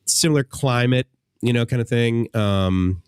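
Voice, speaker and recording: A man's voice: medium pitch, unhurried, clean tone, dry recording, clean studio sound. A man hosting a radio show in casual chat, telling long rambling stories and acting out the people he quotes. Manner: rambling storyteller, acts out quoted voices. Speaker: radio host.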